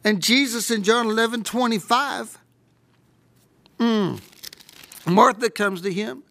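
Fervent female preacher, high-pitched, dry close-miked sermon, stumbles and repeats when stirred. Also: takes it slowly, dry recording. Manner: fervent, swings from hushed whispers to raised shouts.

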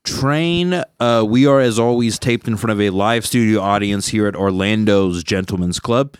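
A man's voice: on the low side, moderate pace, clear, resonant tone, no echo, studio quality. A man hosting a podcast, chatting casually in a joking, rambling way and laughing often. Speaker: podcast host. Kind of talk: casual comedic chat.

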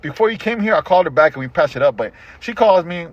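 Husky middle-aged man, animated and profane. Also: a little high, fast, no echo. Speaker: podcast host. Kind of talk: casual chat. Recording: dull lo-fi podcast audio.

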